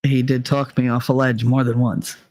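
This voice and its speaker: A man's voice: medium pitch, little pitch movement, normal speed, a little mellow, no echo. A man from New Jersey talking candidly to his viewers in a rambling, profane, confessional way, sometimes mimicking other people. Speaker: channel host. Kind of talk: candid personal monologue to viewers.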